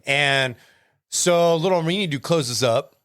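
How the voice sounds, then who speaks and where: Profane storytelling man, higher voice. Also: unhurried, fairly bright tone. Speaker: tattoo artist. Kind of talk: casual storytelling.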